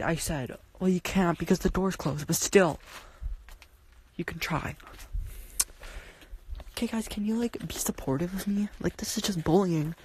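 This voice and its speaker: A woman's voice: on the low side, a little hiss or hum. Jumpy young woman whispering outdoors at night. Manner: jumpy, swearing, lots of "like" and "oh my god"; drops to hushed whispers. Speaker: livestreamer. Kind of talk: casual live stream chat. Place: outdoors at night around a house and yard.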